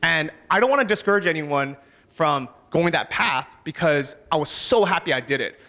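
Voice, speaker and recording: A man giving a motivational talk on a conference stage, casual and energetic, swearing now and then. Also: fairly high pitch, moderate pace. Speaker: conference speaker.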